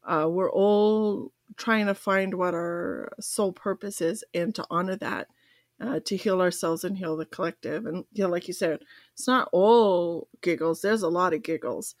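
A woman co-hosting a podcast in casual chat, bubbly and quick to laugh. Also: lowish voice, no room sound, studio quality. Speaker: podcast co-host.

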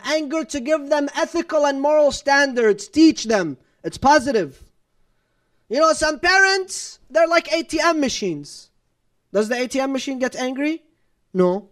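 A man giving a sermon in a strikingly high voice. He keeps it conversational, asks the audience rhetorical questions and repeats "no, no, no" to press a point, with Arabic religious terms mixed in. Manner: repeats "no, no, no" for emphasis. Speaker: Islamic preacher. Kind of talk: sermon lecture.

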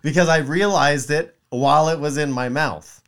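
A man in his thirties, a podcast co-host, telling a long story in casual chat, animated and profane, acting out quotes. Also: a little high, normal speed, a loud crowd. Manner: mimics voices in quotes.

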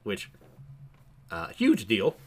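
A man casually recapping a comic book issue, chatty and quick to laugh, with many fillers. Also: lowish voice, huge pitch swings, a little mellow, slightly rough.

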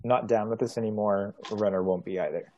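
A man's voice: lowish voice, fairly even intonation, a little fast, a little mellow, highs cut off. A man rambling casually as a player in a tabletop game, with many likes and uhs.

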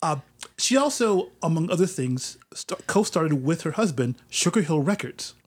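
Chatty man with a higher voice. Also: expressive, moderate pace. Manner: chatty storyteller, laughs between asides. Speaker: podcast host. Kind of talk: casual conversational chat.

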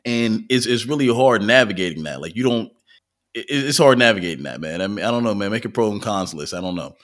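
A man's voice: fairly low pitch, lively intonation, fast, a bit bright. A man co-hosting a podcast, telling stories in a loose, profane, laughing way. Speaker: podcast co-host. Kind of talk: casual podcast chat.

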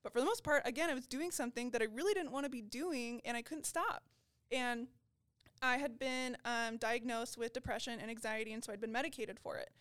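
A woman who is a podcast guest in recovery, telling her story in a lively, casual way and acting out her own past lines, with many "like"s. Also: fairly high pitch, brisk, smooth, no echo, studio quality.

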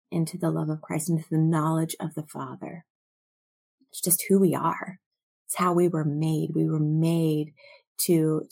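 Slow, gravelly-voiced woman teaching scripture. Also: low-pitched. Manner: slow, reflective, drops to soft near-whispers. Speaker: Bible teacher.

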